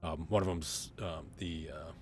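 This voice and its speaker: Low-voiced male game master, rambling. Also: a little slow, faint music behind. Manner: relaxed, rambling, many fillers. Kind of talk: narrating a tabletop game.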